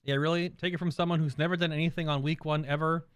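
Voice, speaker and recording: A man's voice: fairly high pitch, fairly even intonation, fast talker, clear, resonant tone, no room sound. A man streamer giving casual, rambling reaction commentary in an amused way.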